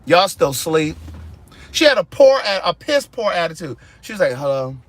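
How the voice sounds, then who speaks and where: A man telling a story in casual vlog style from his car, animated and exasperated, acting out both sides of his phone calls. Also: sits high, moderate pace, faint music behind. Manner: sassy, exasperated. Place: inside a car.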